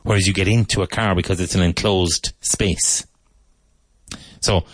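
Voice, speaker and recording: Man, radio English teacher, lowish voice, dry close sound, slow clear repeated examples. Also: steady tone, dry recording. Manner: repeats example sentences slowly and clearly, then explains. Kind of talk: radio language lesson.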